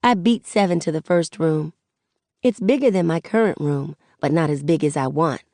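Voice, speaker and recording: A woman narrating an audiobook in the first person, with relaxed, conversational storytelling. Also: sits low, normal speed, dry recording, clean studio sound.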